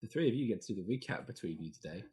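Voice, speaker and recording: A young man with a husky voice, hosting a tabletop game podcast over a video call and joking in an exasperated way with his players. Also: on the low side, animated, very fast, dark tone. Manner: exasperated, joking, swears a lot. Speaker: game master and podcast host.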